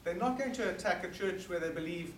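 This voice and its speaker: A man's voice: high-pitched, brisk, slight background noise. South african guy giving a talk, earnest and emphatic, echoey room, bit far from the mic. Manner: earnest and forceful, emphatic repetition. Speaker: guest speaker. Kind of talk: public talk to an audience. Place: meeting hall. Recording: roomy hall recorded from a distance.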